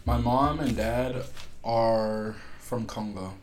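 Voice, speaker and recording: A man's voice: mid-range voice, slow pace, darkish tone, slight background noise. A young man from Burundi, a podcast guest, chatting casually in an easygoing way and saying "bro" a lot. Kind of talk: casual chat.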